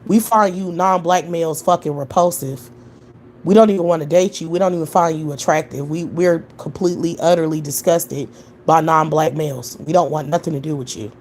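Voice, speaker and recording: A woman's voice: low-pitched, fairly quick, a little mellow, slight background noise. A young adult woman hosting a live stream, answering chat in a profane, scornful rant with mocking laughter. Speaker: livestream host.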